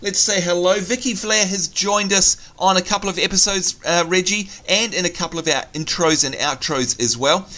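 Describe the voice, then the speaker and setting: A man's voice: high voice, normal speed, hardly any pauses, pushed and bright. An Australian man co-hosting a game video, chatting enthusiastically and exclaiming as guests show up. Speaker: co-host of a game channel. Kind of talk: casual gameplay chat.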